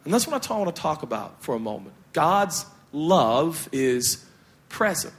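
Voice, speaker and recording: A man preaching a sermon, animated and joking, talkative and expressive, poking fun at himself. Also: on the high side, a little slow. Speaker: pastor.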